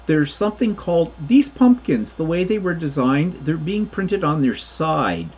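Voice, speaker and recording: A man's voice: a little high, darkish tone, breathy edge. A man co-hosting a casual crafting livestream, rambling through explanations of his 3D printing projects with plenty of fillers.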